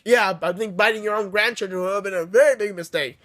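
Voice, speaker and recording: A man's voice: sits high, quick pace, hardly any pauses, fairly bright tone. A man casually recapping a story for his viewers, rambling with many restarts and often checking in with "okay?". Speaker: book reviewer.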